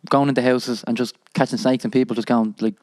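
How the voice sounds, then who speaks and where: A man hosts a podcast in a relaxed, chatty way. His voice sits in a middle range and is recorded dry and close, with no room echo. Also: medium pitch, fast. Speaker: podcast host. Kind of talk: casual interview chat.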